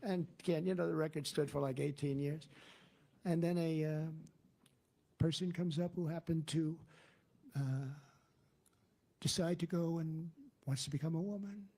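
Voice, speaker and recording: Guy at a campaign rally going off on tangents, kinda raspy, rough gravelly tone, repeats himself a lot. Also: fairly high pitch, fairly even intonation, normal speed, pauses often, dark tone. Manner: rambling, digressive, repetitive. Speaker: political candidate. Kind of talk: rally speech.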